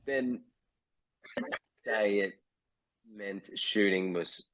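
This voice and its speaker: Deep-voiced Australian man, dry close sound. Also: very slow, a bit bright, no echo. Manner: hesitant, many fillers and restarts. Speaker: guest actor. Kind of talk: casual interview over video call. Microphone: video call.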